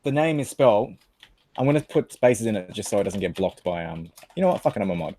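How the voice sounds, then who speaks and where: A man's voice: fairly low pitch, expressive, fast, warm tone. A man with an Australian accent co-hosting a casual livestream chat, joking, laughing and crude. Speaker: livestream co-host.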